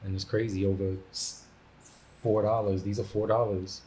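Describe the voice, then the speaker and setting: A man in a casual podcast chat, telling animated stories full of slang and acted-out quotes. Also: fairly low pitch, moderate pace, slight background noise. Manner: animated storyteller, acts out quotes with laughter and slang. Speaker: podcast guest.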